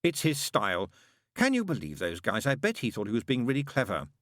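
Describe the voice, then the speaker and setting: A man's voice: mid-range voice, wildly swooping pitch, fairly bright tone, no room sound, clean studio sound. Crowley, a man doing a sly mocking demon. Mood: sardonic. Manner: quick, mocking, petulant. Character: sly, flippant male demon.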